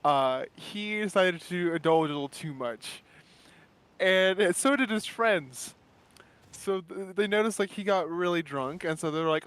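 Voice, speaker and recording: A man's voice: high-pitched, a little slow, fairly bright tone, clean tone. A man telling a long casual story while gaming, rambling and laughing often. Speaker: gamer streaming with a co-host.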